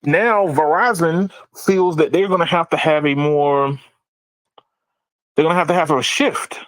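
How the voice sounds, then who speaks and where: A man hosting a casual tech podcast, animated, laughing often and repeating words as he talks. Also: fairly high pitch, unhurried, no room sound, rough recording. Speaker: podcast host.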